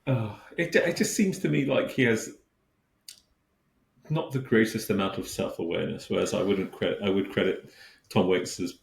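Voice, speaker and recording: A man's voice: lowish voice, moderate pace, gravelly, a little hiss or hum. A man co-hosting a music podcast in casual chat, dry and sardonic, with hesitant restarts. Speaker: podcast co-host. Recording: roomy echo.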